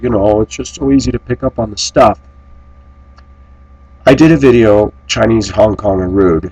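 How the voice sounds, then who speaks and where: A man's voice: lowish voice, normal speed, darkish tone, breathy edge, dry recording, poor audio. An American man vlogging, telling rambling anecdotes in a casual, conversational way. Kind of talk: casual storytelling to camera.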